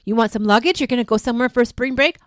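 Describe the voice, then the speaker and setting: A woman voicing a loud woman shopper who rants and mocks complaining parents. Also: fairly high pitch, very fast, no room sound, clean studio sound, voice pushed up, lightly acted. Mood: ranting. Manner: shouting, mocking rant.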